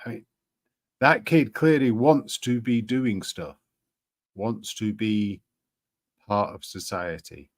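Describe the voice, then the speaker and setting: A man's voice: on the low side, takes it slowly, long pauses. A man hosting a live stream, chatting casually with many ums and restarts. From Britain. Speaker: livestream host.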